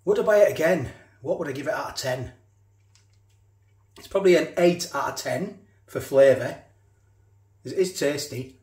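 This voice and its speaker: A man's voice: a little high, moderate pace, long pauses, a little mellow, roomy sound. A man casually reviewing a ready meal, chatting and eating as he talks, with cutlery clinking. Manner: chatty, eats while talking, repeats himself. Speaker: food reviewer.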